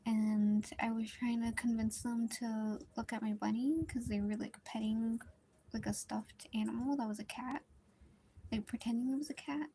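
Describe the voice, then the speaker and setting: A woman's voice: fairly high pitch, fairly even intonation, normal speed, mellow, a little hiss or hum. A young woman chatting casually while drawing, telling a rambling story with lots of fillers and some whispered stretches. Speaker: drawing streamer.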